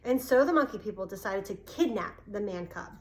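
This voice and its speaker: A woman's voice: medium pitch, expressive, a little fast, poor audio. Woman reading a storybook aloud. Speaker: narrator.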